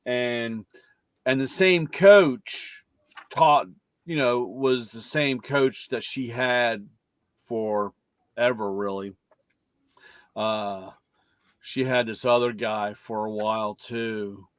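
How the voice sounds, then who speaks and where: A man's voice: medium pitch, slow pace, pauses often, clear, resonant tone, no echo. A middle-aged man hosting a casual car-talk chat, telling rambling stories and acting out what others said. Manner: rambling storyteller, acts out quotes loudly. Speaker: podcast host.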